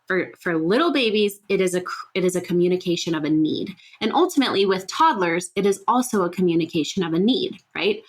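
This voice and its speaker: Woman, podcast host, somewhat low voice, casual earnest explaining, conversational fillers. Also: lively intonation, a little fast, hardly any pauses. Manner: conversational, thinks aloud with fillers and frequent "right?". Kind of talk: casual solo podcast talk.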